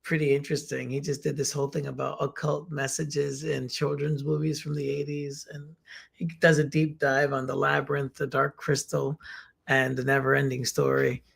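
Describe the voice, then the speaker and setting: A middle-aged man with a Bronx accent, co-hosting a casual chat from his living room, talking haltingly with many restarts. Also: medium pitch, completely flat delivery, vocal fry, a bit bright, husky. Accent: Bronx, New York. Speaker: podcast co-host.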